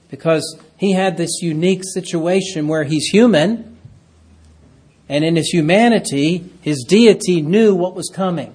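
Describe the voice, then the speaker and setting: Man, preacher, sermon, husky voice, slightly higher pitch, hushed to emphatic swings. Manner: preaching with dramatic swings from hushed to loud, stretching key phrases.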